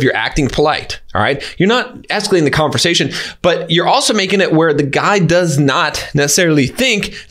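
A man talks straight to the viewer in a blunt, emphatic advice-show style, his voice sitting a touch high for a man. He lays out what to do step by step and keeps checking in with the listener as he goes. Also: a bit bright. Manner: emphatic, keeps checking in with "okay?" and "all right?"; blunt and instructive. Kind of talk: direct-to-camera advice talk.

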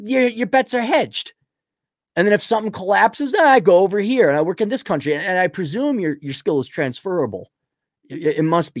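A man's voice: a little high, no echo, studio quality. A man giving a blunt, rambling, opinionated monologue in casual chat, acting out little dialogues with himself.

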